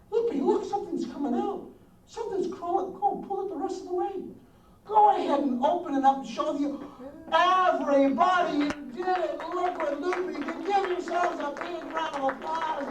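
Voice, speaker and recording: High-voiced woman performing for kids in a hall. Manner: animated, exaggerated gasps and surprise for children. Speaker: school assembly performer with puppets. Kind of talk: children's show with audience call-and-response. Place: school assembly hall. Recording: roomy hall audio from far off, with children's crowd noise. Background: crowd of children.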